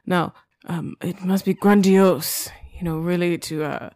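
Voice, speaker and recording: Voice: mid-range voice, fairly even intonation, a little slow, darkish tone, dry recording, close to an everyday voice. Player doing a haughty scheming nobleman, dry and close. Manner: haughty, commanding, stifles giggles. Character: scheming vain young nobleman plotting a proposal. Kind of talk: tabletop role-play in character.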